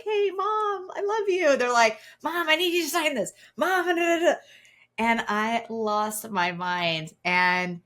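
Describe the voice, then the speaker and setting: Female guest, 40s, lower voice, animated storyteller, lots of "like" and "right.". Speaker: guest, keynote speaker. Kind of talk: personal storytelling in interview.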